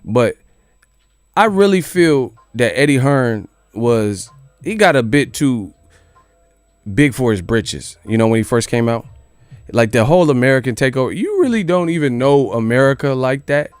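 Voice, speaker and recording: A man's voice: mid-range voice, lively intonation, normal speed, clean tone, dry recording. Dude ranting on his boxing show, joking, swearing, kinda disbelieving, dry room, faint music behind. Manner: incredulous, joking, profane rant. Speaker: boxing channel host. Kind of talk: casual boxing news commentary.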